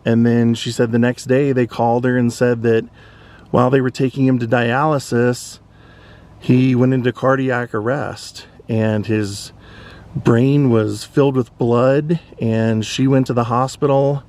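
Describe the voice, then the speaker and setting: A man's voice: medium pitch, level tone, unhurried, a little mellow. A man hosting a vlog, casually recounting events in a conversational way. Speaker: vlog host. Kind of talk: casual narration.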